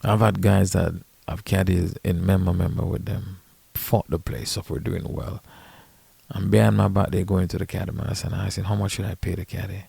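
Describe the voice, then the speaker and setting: A caddy and podcast host telling stories in a blunt, profane, emphatic casual rant. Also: male voice, sits low, level tone, moderate pace, vocal fry, mellow, husky, dry recording.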